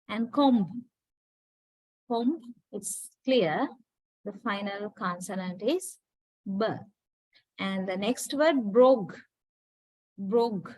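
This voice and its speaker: Slow deliberate woman teacher. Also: mid-range voice, no echo, rough recording. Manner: slow, deliberate, repeats words for pronunciation drills. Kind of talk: classroom lecture.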